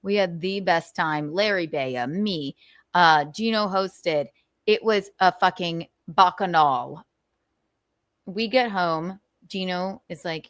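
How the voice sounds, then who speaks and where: A woman's voice: lowish voice, slow pace, no room sound, studio quality. A woman hosting a casual livestream, telling stories animatedly, swearing freely and laughing often. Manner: animated, profane and laughing storyteller. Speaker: livestream host.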